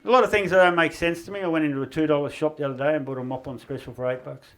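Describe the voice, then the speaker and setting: A man's voice: on the high side, steady tone, rapid-fire. A middle-aged man with an Australian accent doing a stand-up set in a backyard shed, rambling through stories and laughing at his own jokes. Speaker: stand-up comedian. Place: backyard shed gig with a small live audience.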